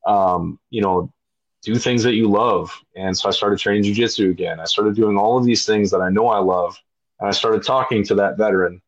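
Dull, lo-fi audio captures a man in his thirties with a lowish voice speaking at a normal speed. As a military veteran guesting on a podcast, he shares his story in a blunt, profane, relaxed style packed with fillers.

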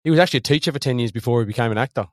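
Fast-talking man listing film facts. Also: mid-range voice, no echo, clean studio sound. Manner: reads off actor facts, steers the talk. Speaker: podcast co-host. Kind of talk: casual film review chat.

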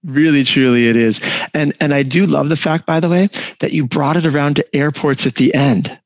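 A man's voice: fairly high pitch, moderate pace, no echo. Man, group call host, enthusiastic, dry dull audio. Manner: enthusiastic, addresses audience as "guys". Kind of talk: live online call hosting.

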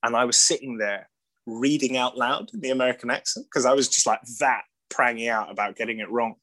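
A man's voice: medium pitch, a little fast, sharp tone, poor audio. An English man being interviewed as an actor, talking in a rambling, casual way with lots of "like", restarts and laughter. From Britain. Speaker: actor guest.

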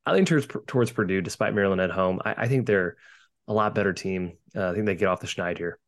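A man hosting a casual sports betting podcast, upbeat and opinionated, often repeating a word as he starts a thought. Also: low voice. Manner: upbeat, quick to share opinions, repeats words when starting. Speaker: podcast host leading segments.

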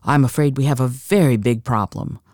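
A woman voices a nervous middle-aged male accountant who loves numbers. He comes across flustered and breathless with worry. The voice is mellow and dark, and the sound is close and dry. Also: a bass voice, moderate pace, no room sound. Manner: flustered, stammering.

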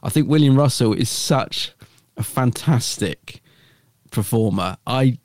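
A man's voice: mid-range voice, lively intonation, a little slow, darkish tone, no echo, clean studio sound. A man co-hosting a podcast, chatting casually and rambling a little, with many fillers and restarts. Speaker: podcast co-host.

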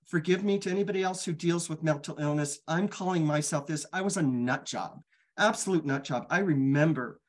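A middle-aged woman telling her own life story candidly as a guest, frank and casual, swearing freely. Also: sits low.

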